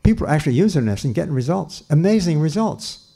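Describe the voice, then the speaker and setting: A man's voice: fairly high pitch, big pitch swings, fast, vocal fry, mellow, slightly rough. An older man giving a lecture on nutrition in an earnest, emphatic way, often restarting his sentences. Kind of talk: lecture talk.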